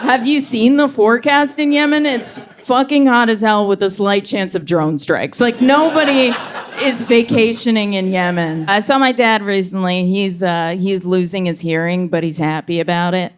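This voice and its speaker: Young woman doing deadpan stand-up. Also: medium pitch, background noise. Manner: deadpan punchlines, acts out characters in quick voices. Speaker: stand-up comedian. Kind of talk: stand-up comedy set. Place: comedy club stage before a live audience.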